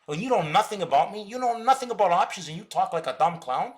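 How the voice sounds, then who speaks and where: A man's voice: high voice, lively intonation, fast talker. Ranting, stammering man on a live stream. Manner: combative, ranting at viewers with repeated stammered words. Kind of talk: unscripted live stream talk.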